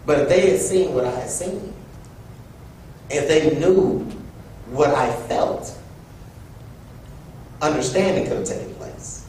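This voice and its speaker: Give me an animated young male speaker with a faint low rumble behind him in a roomy hall. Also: slow, long pauses. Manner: animated, acts out quoted voices. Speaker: event speaker. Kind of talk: personal storytelling speech. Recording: echoey room from far off with low rumble.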